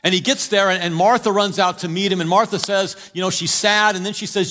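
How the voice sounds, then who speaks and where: A man preaching a sermon, telling stories to the congregation and urging them on, with sudden loud calls and quiet drops. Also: high voice, steady tone, fairly quick, few pauses, long reverb tail. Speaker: pastor.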